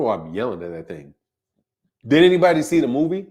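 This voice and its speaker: A man hosts a live boxing stream in an easygoing, chatty way. His voice sits at an ordinary middle pitch, and he laughs often and greets viewers by name as he talks. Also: sing-song, brisk, a little mellow. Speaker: boxing channel host.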